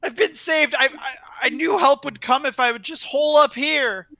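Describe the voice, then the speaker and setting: A terrified young guard stammers and rambles in a raised, bright voice, a man acting him out. He pleads and fumbles his words. The sound is dry and a little muffled. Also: sits high, normal speed, no echo, voice pushed up, heavily acted. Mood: relieved. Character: frightened young male human guard, nervous and rambling.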